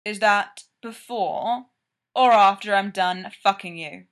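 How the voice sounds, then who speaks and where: A woman reads a stoic, deadpan man with a flat, unhurried delivery and a dry, smug edge. The lines come slow and level, close to her own reading voice. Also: medium pitch, lightly acted.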